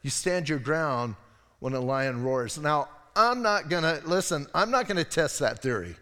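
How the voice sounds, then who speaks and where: A man delivers a sermon in an easy, conversational way, wandering into asides and then circling back to his point. His voice sits a little high for a man. The sound carries a long reverb from a church hall. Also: moderate pace. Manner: conversational, digressive, animated asides. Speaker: pastor. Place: church sanctuary.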